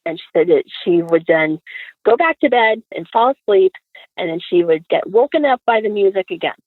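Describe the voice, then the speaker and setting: A woman, a podcast guest, telling a story in casual conversation, animated and acting out the dialogue. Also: mid-range voice, normal speed, dry recording. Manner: animated, acts out quoted dialogue. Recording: dry, phone-like audio.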